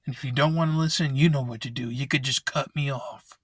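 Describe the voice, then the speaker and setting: A man's voice: medium pitch, fairly even intonation, brisk, slightly rough, no echo, studio quality. A young man angrily venting and swearing in a rant vlog, recorded in his parked car on a laptop microphone. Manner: angry, frustrated, swearing often. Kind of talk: ranting vent vlog.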